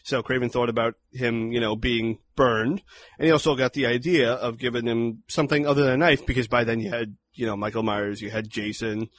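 A man's voice: medium pitch, fairly even intonation, a little fast, a little hiss or hum. A man co-hosting a podcast, chatting casually about a horror film, blunt and swearing freely. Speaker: podcast co-host. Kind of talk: casual film review chat.

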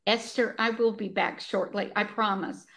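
Gentle grieving father, as a woman reads him. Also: mid-range voice, fairly even intonation, normal speed, close to an everyday voice. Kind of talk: read-aloud dialogue from a novel.

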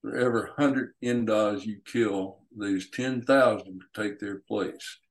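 A man's voice: fairly low pitch, measured pace, poor audio. A man reading a blunt, weathered old frontiersman. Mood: grave. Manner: plainspoken, folksy.

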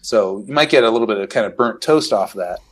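A man's voice: on the low side, lively intonation, fast. A middle-aged man hosting a casual podcast chat, explaining things in detail and quizzing his guests. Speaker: podcast host.

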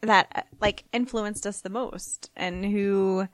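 A woman's voice: mid-range voice, fairly even intonation, slow pace, no room sound. A young woman co-hosting a podcast, chatting casually and steering the talk back to the topic. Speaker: podcast co-host. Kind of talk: casual chat.

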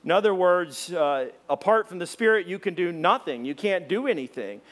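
A middle-aged pastor preaches in a church, his slightly raised voice folksy and conversational. He drops into loud, acted-out quotes whenever he tells a story. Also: high voice, normal speed. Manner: animated storyteller, acts out loud shouted quotes; folksy, conversational, many fillers. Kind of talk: sermon with personal stories. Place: church sanctuary before a congregation.

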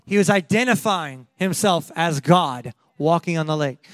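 A man with a notably high voice delivers a lively sermon, laughing often and acting out the people in his story. The sound is close and dry, with no room around it. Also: normal speed, few pauses, no echo. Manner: animated, laughing, acting out quotes. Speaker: pastor.

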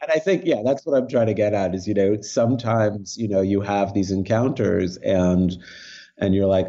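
A man's voice: low-pitched, normal speed, dark tone, lo-fi sound. A man, an artist, answering interview questions thoughtfully, searching for words with frequent restarts. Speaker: guest artist.

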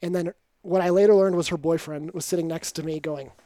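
A man's voice: high-pitched, fast, dry recording. A young man casually telling a story on a podcast, acting out quotes with swearing. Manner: animated, acts out quotes with swearing.

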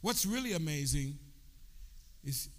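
A bishop preaching a sermon, drawing call-and-response from his congregation and building from quiet explanation up to shouts. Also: a little high, lively intonation, unhurried. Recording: long reverb of a large hall.

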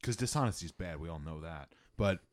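Male co-host, low voice, lively swings in pitch, dry humor. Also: fast. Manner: wry, joking. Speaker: podcast co-host. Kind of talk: casual movie chat.

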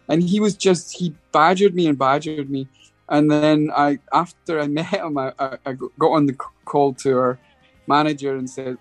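A man's voice: on the high side, moderate pace, no echo, soft background music. A Scottish man, a guest musician, telling a casual anecdote in an interview, hesitant with many restarts. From Scotland. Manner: hesitant, restarts often, animated storytelling.

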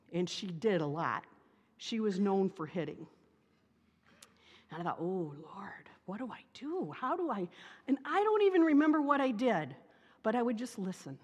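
A middle-aged woman pastor preaches in a long-reverb church sanctuary, her voice sitting at a middle pitch. She tells personal stories with lively, animated humor. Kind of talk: sermon with personal storytelling.

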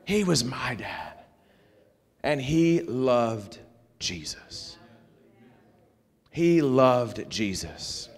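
Animated preacher man in a reverberant hall. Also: mid-range voice, very slow, long pauses, breathy edge. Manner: animated, joking, with call-and-response asides. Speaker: pastor. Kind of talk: sermon. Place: church sanctuary.

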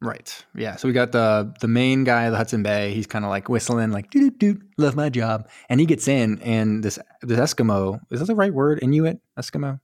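A man's voice: medium pitch, fairly quick, hardly any pauses, darkish tone, no room sound. Rambling man recapping a movie, dry sound. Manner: rambling, jokey, acts out characters' lines. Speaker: podcast co-host. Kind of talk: casual movie recap chat.

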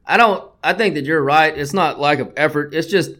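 A man's voice: fairly high pitch, brisk, fairly bright tone. A man hosting a sports betting podcast, talking bluntly and swearing a lot as he gets worked up. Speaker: podcast host.

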